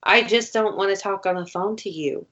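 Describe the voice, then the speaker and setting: A woman's voice: mid-range voice, moderate pace, a bit bright. A young woman in casual chat, telling a story in a rambling way, full of "like" and swearing. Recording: dull lo-fi recording.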